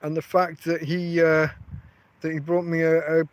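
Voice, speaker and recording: A man's voice: on the high side, little pitch movement, moderate pace, clean tone, dull audio. A man, chatting casually and rambling on a livestream from outdoors. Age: 50s. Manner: rambling, chatty, often restarts his sentences. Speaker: livestream host.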